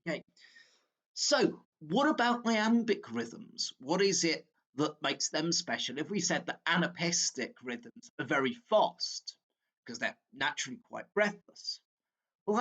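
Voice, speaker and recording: A man teaching a literature exam walkthrough, talking slowly and haltingly, with fillers and self-corrections as he works through a poem. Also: on the high side, sing-song, bright, forceful tone.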